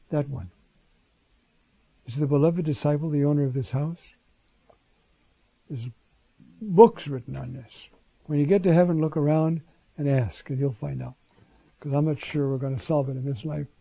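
A man's voice: fairly high pitch, gravelly, no echo. A man teaching scripture in a conversational sermon, with informal asides and restarts, on a dull lo-fi recording.

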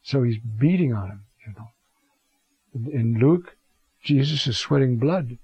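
A man teaching a Scripture talk in an unhurried, reflective way, pausing often as he looks up verses. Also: mid-range voice, animated, darkish tone, husky, dry recording, muffled recording. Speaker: Bible teacher.

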